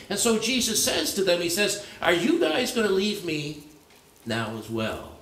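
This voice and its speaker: Male pastor with a high voice in an echoing church. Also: sing-song, measured pace, a bit bright, slight background noise. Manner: conversational, searching, frequent restarts and fillers. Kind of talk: sermon. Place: church sanctuary. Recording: echoey church room.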